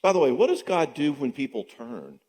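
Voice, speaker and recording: He's a middle-aged man with a husky, mid-range voice at normal speed, delivering a conversational teaching talk to a marriage conference. Acting out spouses' lines, he stays animated throughout. Long church-hall reverb colors the recording.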